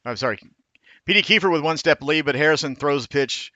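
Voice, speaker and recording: A man calling baseball play by play in a steady, measured way, now and then correcting himself. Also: fairly high pitch, no room sound, muffled recording. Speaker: play-by-play announcer.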